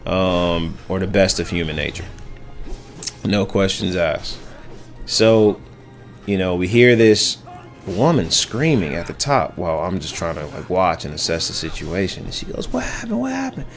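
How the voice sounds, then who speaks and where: A young man hosting a podcast, telling a story in a reflective, halting way with many restarts. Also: deep voice, faint music behind. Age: young adult. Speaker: podcast host. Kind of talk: casual storytelling monologue.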